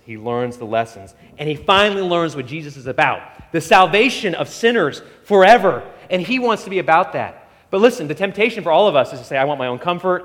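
A male pastor preaches with a fairly high, very lively voice that swings up and down as he acts out the people in the story. The sound rings with a long hall reverb around him. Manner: animated preaching, voicing Bible figures in quotes. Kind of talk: sermon.

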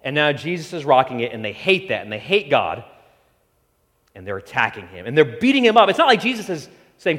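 Animated preacher in a reverberant hall. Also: male voice, medium pitch, a little fast. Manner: animated preaching, voicing Bible figures in quotes. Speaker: pastor. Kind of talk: sermon.

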